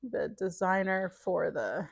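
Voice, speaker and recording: A woman's voice: fairly low pitch, lively intonation, takes it slowly, vocal fry, a little hiss or hum. A middle-aged woman chatting casually while planting seeds, thinking aloud and dropping to murmurs as she sorts packets. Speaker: gardening vlogger. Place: home, indoors.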